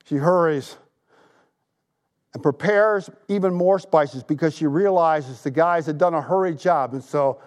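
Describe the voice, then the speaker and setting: A man's voice: on the high side, a little slow, a little mellow. A man in his sixties preaching a sermon, retelling a story with emphasis and making earnest appeals. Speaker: pastor.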